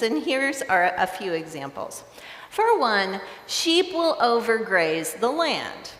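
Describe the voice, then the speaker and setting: An American woman pastor delivers a sermon in a slow, unhurried way, telling stories and joking with her listeners. Her fairly high voice rings through a large church, with a long reverb trailing behind her words. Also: a bit bright. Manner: conversational, storytelling, playful with the congregation.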